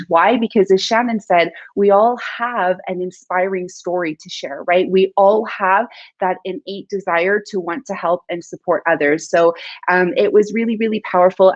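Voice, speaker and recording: A woman's voice: mid-range voice, dry recording. A woman who co-hosts a podcast, guesting on a video-call interview and talking in an effusive, celebratory way. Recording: dull lo-fi call audio.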